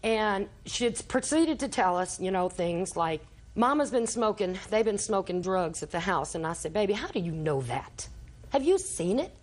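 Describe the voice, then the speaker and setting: In a TV courtroom, an older grandmother gives rambling testimony as a litigant, acting out the dialogue she quotes. Her mid-range voice is expressive and moves at a moderate pace.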